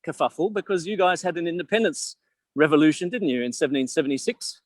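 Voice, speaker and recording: A man's voice: a little high, lively intonation, quick pace, no room sound. A man with an Australian accent guiding a live virtual tour, joking and asking his audience questions. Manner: chatty, jokey, asks the audience questions.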